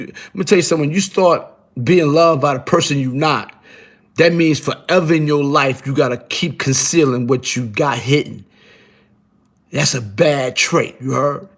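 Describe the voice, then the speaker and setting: Brief: middle-aged New man, slightly high voice, loose profane streetwise rambling, keeps asking "you heard?". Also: a bit bright. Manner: profane and emphatic. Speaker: guest on a live show. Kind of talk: casual live-stream talk.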